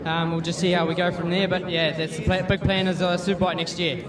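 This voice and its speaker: A man's voice: high voice, little pitch movement, fast talker. A man, a motorbike champion, speaking humbly after the race with plenty of "you know". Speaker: championship-winning rider. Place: outdoor motorsport circuit. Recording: echoey outdoor crowd.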